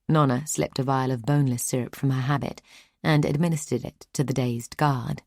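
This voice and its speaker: Low-voiced woman audiobook narrator. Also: steady tone, a little fast, gravelly, no echo, studio quality. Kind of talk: scripted narration.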